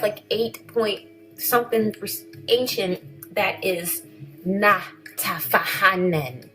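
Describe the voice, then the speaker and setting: A woman talks casually to her viewers in a rambling vlog voice, often stopping to correct herself. Her pitch sits in the middle, and soft music plays faintly underneath. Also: slow pace, rough recording. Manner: chatty, rambling, corrects herself mid-sentence. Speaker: vlogger.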